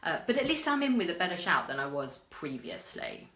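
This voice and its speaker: A British woman with a low-set but bright, clear voice that swings widely in pitch as she tells her story. She talks in a chatty vlog style, full of fillers and asides, and the room around her has a noticeable echo. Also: big pitch swings, brisk. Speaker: marketing coach. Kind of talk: casual advice vlog.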